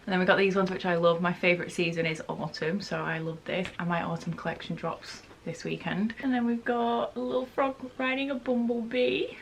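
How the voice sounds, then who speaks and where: A young woman from England chatting to camera in a casual vlog at home, emotional and quick to laugh. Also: fairly low pitch, fairly even intonation, creaky, slight background noise. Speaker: vlogger and market organiser. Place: home, indoors.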